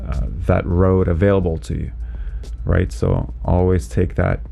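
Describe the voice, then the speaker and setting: A man who is a driving instructor, explaining winter driving in a relaxed, chatty way from inside his car, with lots of "you know" and "right?". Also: sits low, unhurried, vocal fry, soft background music. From Canada. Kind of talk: casual instructional commentary while driving.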